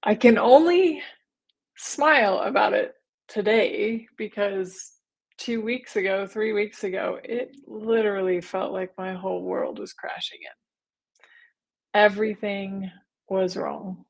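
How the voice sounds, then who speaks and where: Breathy woman host, relaxed pace, casual live-stream talk with frequent laughs. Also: mid-range voice, takes it slowly. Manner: laughs often, greets viewers by name.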